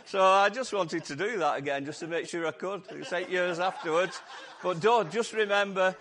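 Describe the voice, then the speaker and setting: A man with a Lancashire accent preaching a lively, jokey Easter sermon to his church while his voice goes hoarse. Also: high-pitched, normal speed. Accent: Lancashire English. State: voice going hoarse. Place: church service.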